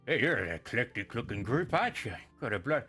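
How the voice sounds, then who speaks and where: A man voicing a rowdy, drunken dwarf ship captain who laughs and shouts in gruff sailor talk. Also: mid-range voice, very animated, a little fast, soft background music. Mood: jovial.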